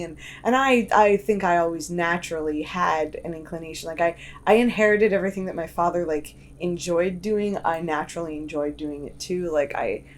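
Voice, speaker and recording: A young woman talking casually in an interview, chatty and full of "like" fillers and restarts. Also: lowish voice. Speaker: guest artist and cartoonist.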